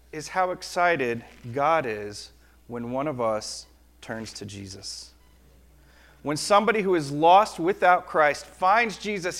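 A middle-aged man giving a lively, conversational children's sermon, often asking the kids "right?". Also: high-pitched.

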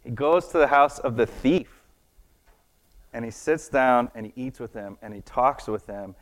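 Speaking in a mid-range voice at a slightly slow pace, an adult children's church teacher leads a casual object-lesson sermon for kids. He keeps it chatty and playful, asking the children lots of questions and cracking himself up with his jokes.

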